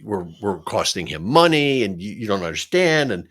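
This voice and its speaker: A man's voice: on the low side, big pitch swings, normal speed, fairly bright tone. A middle-aged man, co-hosting a podcast and telling rambling, laughing stories in casual chat. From Philadelphia. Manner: rambling, laughing storyteller with frequent restarts. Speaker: podcast co-host. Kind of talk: casual nostalgic storytelling.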